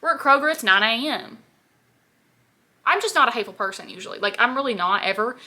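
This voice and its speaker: A woman's voice: a little high, animated, fast talker, bright, forceful tone. A woman in her twenties, a beauty vlogger rambling through a casual get-ready-with-me chat, full of "like" fillers. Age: 20s. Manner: chatty, rambling, filler-heavy with constant "like".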